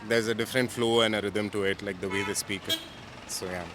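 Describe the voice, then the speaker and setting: A man's voice: fairly low pitch, fairly even intonation, a little fast, noisy background. A man with an Indian accent chatting hesitantly on a city street as an interviewee, often trailing off. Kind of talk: casual street chat.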